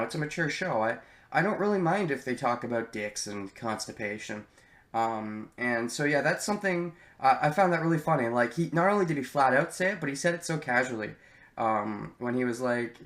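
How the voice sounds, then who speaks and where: A man of ordinary pitch gives a casual, unscripted spoken commentary, full of ums and restarts and free with a swear word. His voice carries a roomy echo, as if he is recording in a bare room. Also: fairly bright tone. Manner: rambling and candid, many ums, swears freely. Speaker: anime reaction youtuber.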